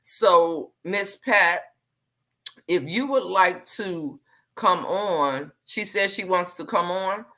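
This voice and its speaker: A woman hosting a live stream, talking in a calm, measured way and repeating herself to stress her points. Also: lowish voice.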